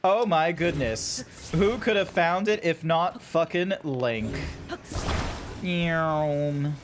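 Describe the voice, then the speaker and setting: An Australian man chatting on a gaming livestream, easygoing and quick to laugh. He drops casual swears and talks at an unhurried pace. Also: on the high side, lively intonation, background noise. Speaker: streamer.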